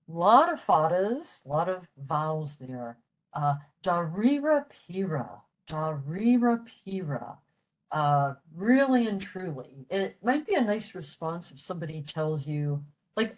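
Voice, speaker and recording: Older woman presenter, low voice, unhurried delivery, repeats each phrase, lots of ums. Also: a little mellow. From western Pennsylvania. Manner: slow, repeats phrases, hesitant fillers. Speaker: Irish language presenter. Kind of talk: library presentation on Irish language.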